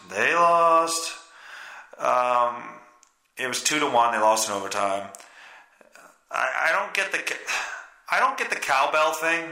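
Stuffy-nosed male podcast host, bright voice, swearing and self-mocking. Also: a little high, reverberant. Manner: profane, self-deprecating, rambling. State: stuffy nose. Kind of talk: casual rambling monologue.

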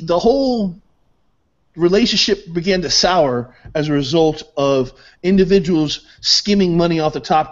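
A man's voice: a little high, highs cut off. A man arguing heatedly as a guest on a live online show, combative and repeating himself to talk over his opponent. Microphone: video call.

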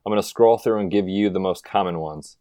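A man's voice: low-pitched, brisk, warm tone, smooth, dry recording, studio quality. A man co-hosting a fantasy football podcast, chatting casually in an upbeat, conversational way. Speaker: podcast co-host. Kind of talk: casual sports chat.

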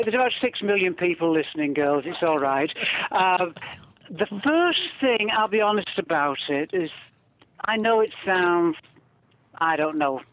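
A man's voice: on the high side, dry recording. Effusive Northern English man, lo-fi sound. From north of England. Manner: effusive and theatrical. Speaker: guest performer. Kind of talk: casual chat. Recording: dull lo-fi recording.

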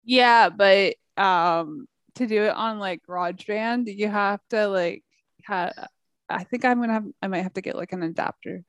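A woman's voice: medium pitch, normal speed, smooth, dry recording. A woman co-hosting a podcast over a remote call, chatting playfully with a teasing, laughing manner. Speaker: podcast co-host. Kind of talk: casual chat. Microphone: headphones over a video call.

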